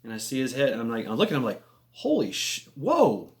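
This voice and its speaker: A man casually telling a long story, rambling and animated, swearing freely and making little sound effects as he goes. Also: mid-range voice, very fast. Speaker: vlogger telling a military story.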